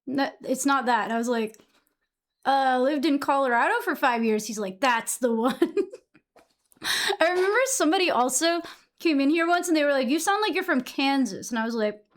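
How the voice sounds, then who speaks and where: A woman's voice: sits high, moderate pace. A young woman from Massachusetts chatting casually with her stream audience, answering chat messages and swearing freely.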